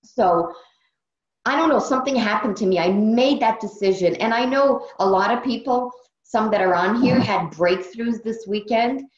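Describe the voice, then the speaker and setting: A woman's voice: on the high side, normal speed, slight background noise. A Brazilian-born woman hosting a motivational team training on a video call, earnest and emotional, repeating phrases for emphasis and sounding tired. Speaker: training host. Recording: dull roomy video call audio.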